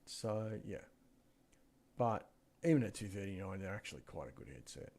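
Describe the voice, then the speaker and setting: A man co-hosts a PC deals show on a gaming headset mic, rambling casually through anecdotes, trailing off mid-sentence, and muttering to himself as he browses. His voice sits low and is animated, a little mellow, at a moderate pace.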